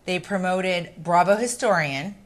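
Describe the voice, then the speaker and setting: A woman's voice: on the low side, a little slow. A woman co-hosting a podcast, talking in a chatty, emphatic, gossipy way. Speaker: co-host. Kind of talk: casual podcast chat.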